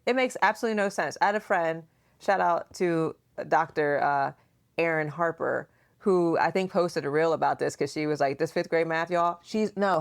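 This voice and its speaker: A woman's voice: low voice, clean tone. A woman in her forties hosting a podcast, chatting casually and teasingly with her daughter and acting out quotes. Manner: animated, teasing, acts out quotes. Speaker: podcast host, mother. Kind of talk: casual chat.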